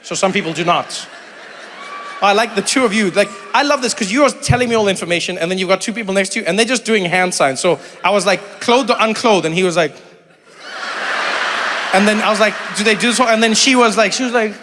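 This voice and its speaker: A South African man in his thirties works the crowd from a theater stage. His voice is high and bright, and it keeps breaking into loud impressions. A long hall reverb and faint audience noise sit behind him. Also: brisk. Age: 30s. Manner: animated, jumps into high shouted impressions. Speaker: stand-up comedian. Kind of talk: stand-up crowd work.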